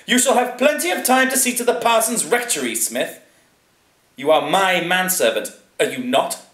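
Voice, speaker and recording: A man voicing a hearty, pompous aristocratic English lord who speaks in a booming, plummy, theatrical way. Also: expressive, normal speed, fairly bright tone. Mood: imperious. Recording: roomy echo.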